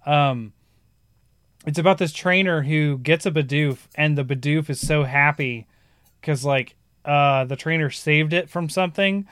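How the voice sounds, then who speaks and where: A man hosting a casual gaming podcast, telling stories in an animated way with lots of "like" and "um". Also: a little high, unhurried, smooth, no room sound, clean studio sound. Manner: animated storyteller, frequent "like" and "um". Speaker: podcast host.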